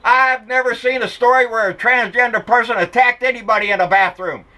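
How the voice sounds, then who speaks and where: A man's voice: very high-pitched, fairly even intonation, brisk, pushed and bright, poor audio. A middle-aged man, ranting about politics in a blunt, profane, mocking way. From Texas. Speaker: political vlogger.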